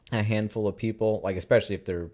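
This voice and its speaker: A man's voice: fairly low pitch, fairly even intonation, fast talker, a little mellow. A man co-hosting a podcast, laid-back and chatty, often adding supportive interjections. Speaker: podcast co-host. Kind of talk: casual chat.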